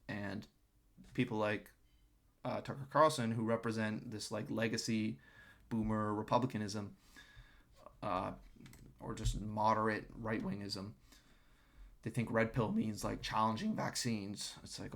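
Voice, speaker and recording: A man's voice: lowish voice, steady tone, measured pace, pauses often, a bit bright. A young man streaming, reacting to a clip with sarcastic, scornful commentary aimed at the screen. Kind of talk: casual mocking commentary.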